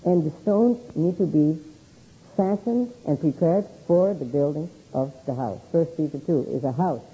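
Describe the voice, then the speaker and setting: A man's voice: a little high, normal speed, slightly rough. A man giving a verse-by-verse Bible study to a congregation, teaching steadily and sometimes correcting himself mid-word. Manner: steady teaching with frequent short self-corrections. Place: meeting room with a congregation. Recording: dull lo-fi recording.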